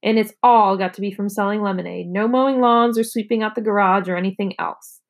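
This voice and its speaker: A woman's voice: medium pitch, steady tone, brisk, close to an everyday voice. A woman reading aloud, voicing a proud, bossy young girl with a snappy, indignant way of talking.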